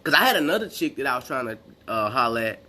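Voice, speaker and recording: A man's voice: medium pitch, big pitch swings, fast, pushed and bright, slight background noise. A young man rambling casually through a personal story, full of slang and restarts. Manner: rambling, slangy, retells exchanges in quotes. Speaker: vlogger.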